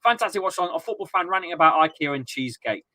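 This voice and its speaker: A man's voice: on the high side, expressive, quick pace, pushed and bright, no room sound. A man in his thirties chatting casually and ranting with swearing on a live football watchalong stream.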